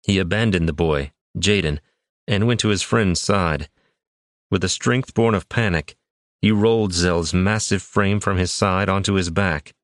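Male audiobook narrator, deep, measured dramatic reads, dry booth sound. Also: no room sound. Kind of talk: scripted fantasy narration.

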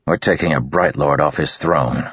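A man's voice: very deep voice, normal speed, fairly bright tone, husky, dry recording, dull audio, exaggerated voice. A man voicing a stern young male squad leader who gives clipped, firm orders in a storybook. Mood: commanding.

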